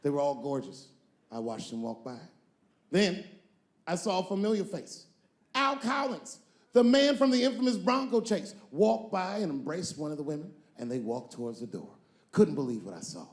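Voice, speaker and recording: A male comedian telling a long story on stage, moving between loud punchlines and low, drawn-out asides. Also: expressive, roomy sound. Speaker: stand-up comedian.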